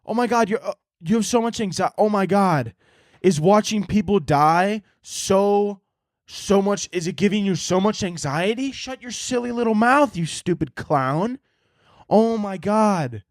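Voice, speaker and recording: A man's voice: sits high, animated, unhurried, no room sound, clean studio sound. A man mocking a whiny anxious self-absorbed person. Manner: mocking, exaggerated whining.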